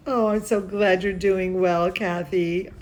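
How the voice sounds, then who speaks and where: A young woman teaching dance, chatting gently and playfully with children and a puppet at story time. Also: mid-range voice, steady tone, takes it slowly, a little hiss or hum. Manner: sing-song, gentle, talking to a puppet. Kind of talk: casual chat with children online. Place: home.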